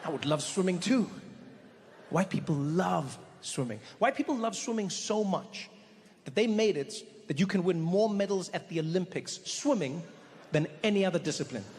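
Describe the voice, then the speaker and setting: A man with a high voice tells stand-up stories on a stage, animated and quick to slip into other people's voices. His handheld mic is caught with a long hall reverb and a faint ambience of a large venue behind him. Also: slight background noise. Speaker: stand-up comedian. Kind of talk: stand-up storytelling.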